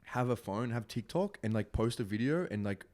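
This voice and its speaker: A man's voice: medium pitch, moderate pace. A young man with a thick Australian accent, telling travel stories in casual chat as host. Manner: animated storytelling, acts out voices, says bro a lot.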